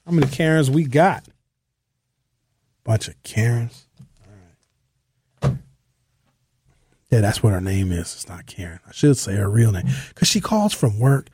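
A man's voice: mid-range voice, big pitch swings, unhurried, long pauses, darkish tone, slight background noise. Joking man hosting talk radio. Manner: joking, offhand. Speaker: radio talk show host. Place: radio studio. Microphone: studio mic.

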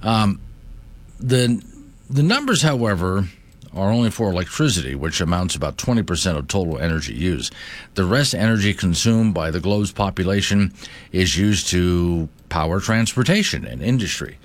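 On a morning talk radio show, a male host reads the news aloud and chats, adding asides in a conversational, animated way, mixing monologue with banter. His voice is deep, at normal speed.

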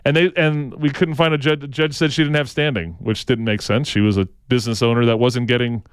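A man's voice: mid-range voice, steady tone, brisk, clear, resonant tone, no echo. A man co-hosting a talk show, rambling in casual talk, often restarting and ending points with "right?". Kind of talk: casual opinionated local talk.

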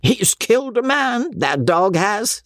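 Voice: medium pitch, sing-song, takes it slowly, a bit bright, dry recording, studio quality, pitched above the performer's own voice. A reader putting on a coarse old stingy baronet. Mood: mocking roar. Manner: rough, drawling speech with dropped endings. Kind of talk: audiobook character voice.

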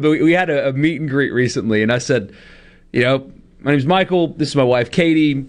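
A man's voice: mid-range voice, a little fast. A man in his thirties co-hosting a radio show, chatting casually and laughing at himself. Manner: chatty, self-deprecating, laughs often.

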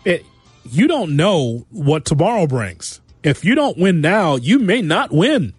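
A man hosting a sports talk radio show, giving an animated monologue full of rhetorical questions and repeated phrases. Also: on the high side, measured pace, husky, faint music behind. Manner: animated, rhetorical, repeats himself, acts out quotes.

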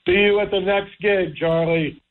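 Tinny, excitable talk radio host man. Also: sits high, moderate pace. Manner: enthusiastic, repeats himself while searching for words.

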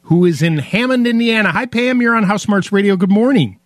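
A man's voice: high-pitched, brisk, no room sound, clean studio sound. A man hosting a call-in radio show, chatting casually and teasing his co-hosts. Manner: playful teasing banter. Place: radio studio. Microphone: studio mic.

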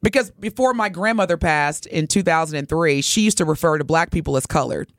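A middle-aged woman co-hosting a podcast, telling a story in a casual, expressive way and speaking straight to her listeners. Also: deep voice, a little fast, dry recording, studio quality. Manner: animated, expressive storyteller addressing listeners directly. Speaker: podcast co-host.

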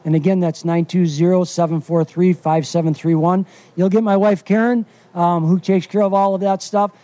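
A middle-aged man from Wisconsin talks as a fishing guide in a casual radio interview. His voice sits high but sounds mellow and warm. He is folksy and eager, with plenty of fillers. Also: level tone, moderate pace. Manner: enthusiastic, folksy, lots of fillers.

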